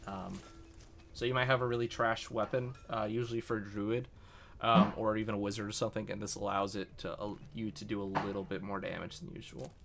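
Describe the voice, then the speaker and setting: A young man runs a tabletop game as its game master, his voice gravelly. He explains rules at an easy pace, filling gaps with ums. A faint hiss sits under his home recording. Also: lowish voice. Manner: relaxed, many ums, slow when voicing shopkeepers.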